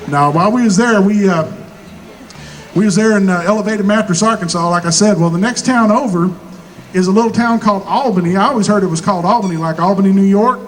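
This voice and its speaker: A high-voiced man with a rural Southern American drawl spins folksy hillbilly yarns on stage, voicing each character himself and dropping punchlines deadpan. A faint hum of live-room ambience sits underneath him. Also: fast talker, poor audio. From Missouri. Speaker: stand-up comedian. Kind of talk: stand-up comedy storytelling.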